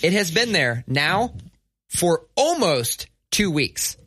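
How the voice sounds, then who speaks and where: A man telling a story to a friend on a podcast, swearing freely and building into mock outrage. His voice is bright and forceful. The recording is dry and close. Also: high-pitched, slow pace, husky, dry recording. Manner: animated, swears a lot, rants with mock outrage. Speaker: podcast co-host. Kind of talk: casual profane storytelling.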